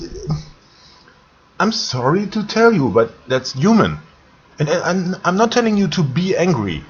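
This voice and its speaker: Grumpy German man ranting slowly. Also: medium pitch, a little hiss or hum. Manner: grumpy, halting, repeats words and swears. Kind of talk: ranting monologue vlog. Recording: dull lo-fi recording.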